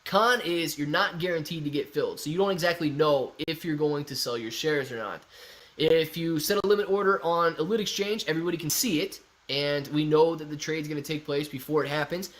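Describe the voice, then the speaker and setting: A man's voice: on the high side, fairly even intonation, a little fast, fairly bright tone. A man hosting a casual livestream, playfully reading chat messages aloud and stumbling through tongue twisters. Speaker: livestream host.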